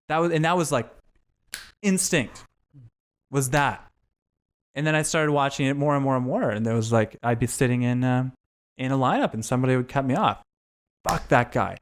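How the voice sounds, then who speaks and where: A man's voice: mid-range voice, normal speed, pauses often, clear, resonant tone. A man, a podcast guest telling candid, profane, self-reflective stories in casual conversation.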